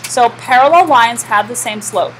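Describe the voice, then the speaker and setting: A woman's voice: fairly high pitch, moderate pace, a little hiss or hum, rough recording. A woman teaching a math class, lecturing and asking the students questions she often answers herself.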